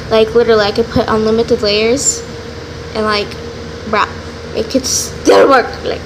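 A woman's voice: fairly high pitch, noisy background. A young woman giving a rambling, giggly casual drawing tutorial, often laughing and interrupting herself. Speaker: vlogger. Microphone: phone.

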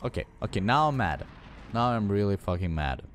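Doing let's play commentary, this young adult man hosts a gaming channel and narrates his own play, cursing heavily and telling off his units. His voice sits lowish, with big pitch swings and a slightly fast pace, over a little hiss or hum.

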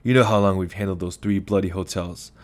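A man voicing a weary gray-haired older man who speaks in a measured, patient, quietly firm way. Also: low-pitched, fairly even intonation, close to an everyday voice.

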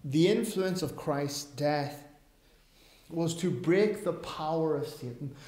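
A man's voice: fairly high pitch, slow pace, a little mellow. A man preaching a sermon, emphatic and given to self-aware asides. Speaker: pastor. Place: church. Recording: roomy church echo.

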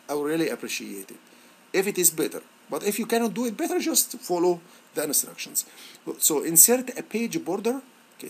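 A male instructor talking students through a software lab on screen, thinking aloud with repeated words and many fillers. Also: a little hiss or hum. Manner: lively, rising pitch on praise words. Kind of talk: screen-recorded software tutorial.

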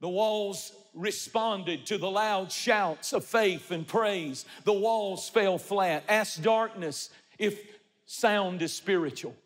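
High-voiced preacher in a big hall. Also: male voice, takes it slowly. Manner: impassioned preaching, repetitive emphatic rhythm. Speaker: pastor. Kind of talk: sermon.

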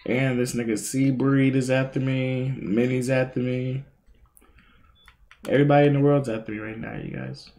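A young man livestreaming a video game, excitable and swearing, swinging between yelling and muttering. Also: medium pitch, normal speed, creaky, roomy sound. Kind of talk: gaming livestream commentary.

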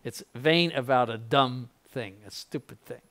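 A man's voice: medium pitch, a little slow, fairly bright tone. An older man, a bishop, giving an informal spiritual conference in a blunt, conversational way with frequent asides.

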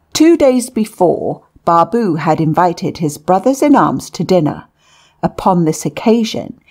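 A woman reads a memoir aloud in a measured, deliberate manner. Her voice is low and gravelly with a husky edge, and she takes her time over every phrase. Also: darkish tone. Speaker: narrator. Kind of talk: audiobook narration of a memoir.

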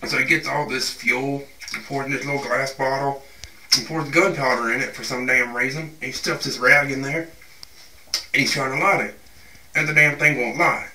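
A man's voice: medium pitch, steady tone, normal speed, pushed and bright. A man playing a crude, rowdy working-class guy telling a profane, rambling tall tale in a comedic monologue. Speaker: storyteller. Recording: echoey room, far from mic.

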